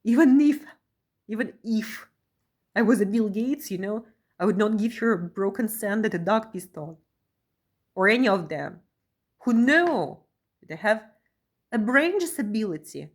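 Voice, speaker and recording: A woman talking to camera in an emotional vlog monologue, tagging her phrases with a questioning "yeah?" and swinging between pressing outbursts and quiet, low stretches. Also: animated, unhurried, pauses often. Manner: keeps adding a questioning "yeah?" after phrases. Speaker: vlogger.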